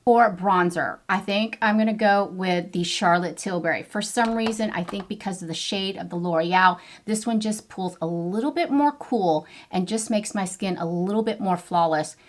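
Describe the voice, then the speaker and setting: A woman's voice: mid-range voice, moderate pace, hardly any pauses. A middle-aged woman vlogging a chatty makeup review to camera, bubbly and playful with frequent exclamations. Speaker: beauty vlogger.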